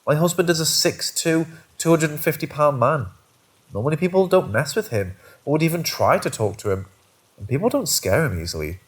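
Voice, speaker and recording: A man reads first-person paranormal stories as scripted narration. His pitch sits in the middle and rises and falls a lot. The reading stays steady throughout.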